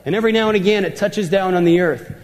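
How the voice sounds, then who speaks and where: High-voiced preacher in a reverberant hall. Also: male voice, fast talker. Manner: emphatic, repeats words for effect. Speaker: pastor. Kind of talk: sermon.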